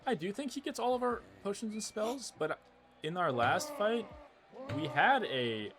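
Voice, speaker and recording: A young man from the United States giving casual, excitable commentary over a game he is playing, often exasperated. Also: sits high, unhurried. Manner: excitable, exasperated, says "bro" a lot. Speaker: gaming video creator. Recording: game music behind the voice.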